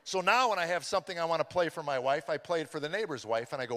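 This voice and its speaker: A middle-aged man, a comedian, telling his life testimony, swinging from hushed confession to loud, animated storytelling. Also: on the high side, racing. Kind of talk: personal testimony speech. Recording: long hall reverb.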